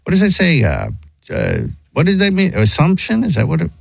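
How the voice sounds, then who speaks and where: Male radio host, lively swooping pitch, dry close mic, casual chat. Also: vocal fry, breathy edge, no echo. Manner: animated, wondering aloud, quick asides. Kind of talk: casual radio chat, reading listener emails.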